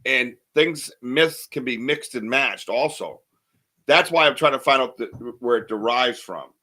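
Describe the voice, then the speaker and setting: A man's voice: mid-range voice, animated, a little slow, pushed and bright. A man hosting a casual live podcast, rambling and chatty as he reads viewer comments aloud, with lots of ums and restarts. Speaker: podcast host.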